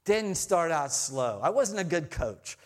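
This middle-aged pastor speaks with a fairly high pitch, very animated and a little slow. His sermon weaves in family stories in a conversational way, rising to loud urging and falling to soft, tender remarks.

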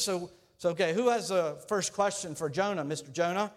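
A man's voice: sits high, fairly quick, few pauses. A male pastor preaching a sermon in a conversational way, joking with the congregation.

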